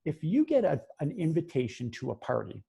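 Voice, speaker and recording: A male psychologist presents a webinar in a loose, conversational way, often restarting his sentences. His voice is husky and darkly mellow, and he sounds like he is speaking into a computer mic on a video call. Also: a little high, wildly swooping pitch, a little fast. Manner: conversational, many restarts and fillers, quotes clients in brief voices.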